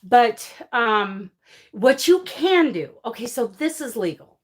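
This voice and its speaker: Slightly high and very animated, her voice moves at a slow pace. She runs a casual crochet livestream, responding to viewer comments emphatically and emotionally, frequently laughing and apologizing between points.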